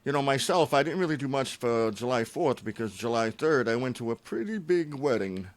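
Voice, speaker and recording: A man's voice: medium pitch, lively intonation, brisk, no echo. A man co-hosting a podcast in joking casual chat, swearing a lot. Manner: loud, joking, heavy swearing. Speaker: podcast co-host.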